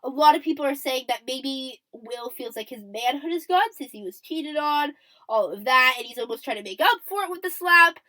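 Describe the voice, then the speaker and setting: A woman's voice: sits high, animated, normal speed, pushed and bright, rough recording. A young adult woman hosting a casual commentary podcast, chatty and checking in often with "okay?" while acting out what people said. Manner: acts out quoted lines and laughs. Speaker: podcast host.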